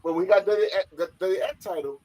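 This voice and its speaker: An excitable man talking fast and loud in casual podcast chat, often jumping into acted-out lines. His voice sits a bit high for a man. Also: rough recording. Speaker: podcast co-host.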